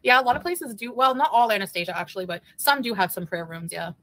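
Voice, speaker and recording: A woman's voice: mid-range voice, quick pace, a bit bright. A woman livestreaming, chatting casually and answering viewers with frequent giggles.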